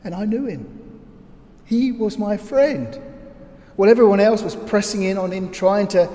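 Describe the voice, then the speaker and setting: A man's voice: high-pitched, expressive, moderate pace, dark tone, pitched above the performer's own voice. A man voicing a grieving male disciple at the crucifixion, speaking as an anguished, questioning inner monologue. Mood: wistful. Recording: long hall reverb, faint ambient noise.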